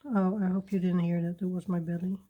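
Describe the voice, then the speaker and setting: A woman hosting a coloring video, chatting casually and rambling softly while she works at her desk. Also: on the low side, flat delivery, a little fast, narrow, tinny audio. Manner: soft-spoken, rambling, with little laughs. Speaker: coloring channel host.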